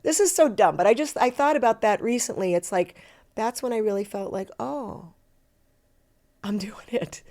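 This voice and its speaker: A middle-aged actress chatting as a podcast guest, self-deprecating and lively, slipping into voices as she tells stories. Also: medium pitch, normal speed. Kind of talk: casual interview chat.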